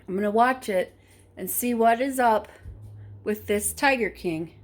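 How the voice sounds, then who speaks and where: A woman's voice: on the high side, a little slow. Rambling woman chatting at home. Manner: rambling, chatty, self-correcting. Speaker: vlogger. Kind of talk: casual vlog chat. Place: home kitchen, indoors.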